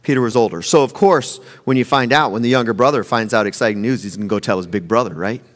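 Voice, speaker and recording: A man, a pastor, giving a conversational sermon, animated and repeating his phrases. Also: mid-range voice, fast. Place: church sanctuary. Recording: long reverb of a large hall.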